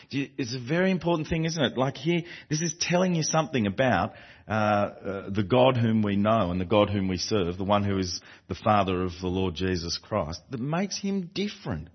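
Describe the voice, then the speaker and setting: A man delivers a sermon to a congregation in a slightly husky voice. His pitch rises and falls with lively emphasis as he repeats phrases and restarts lines. The recording is muffled and lo-fi. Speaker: preacher. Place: church before a congregation. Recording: dull lo-fi recording.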